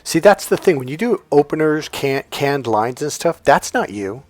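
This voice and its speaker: A man's voice: on the high side, big pitch swings, normal speed, dry recording, soft background music. A man who works as a dating coach, talking bluntly and swearing freely as he tells stories about his clients. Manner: blunt, profane storytelling with acted quotes. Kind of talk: casual coaching monologue.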